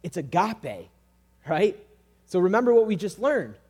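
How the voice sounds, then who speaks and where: A man's voice: sits high, very animated, unhurried, darkish tone, slightly rough. A man preaching a sermon in a loose, conversational way, full of fillers and acted-out quotes. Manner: casual and conversational, acting out quoted voices. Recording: long hall reverb.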